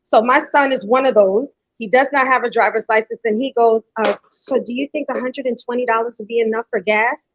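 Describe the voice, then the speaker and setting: Talking briskly with hardly any pauses, a middle-aged podcast host with a slightly high voice shares a heartfelt story in casual chat, animatedly acting out the quotes. Her recording sounds dry, dull and lo-fi, with a little hiss or hum.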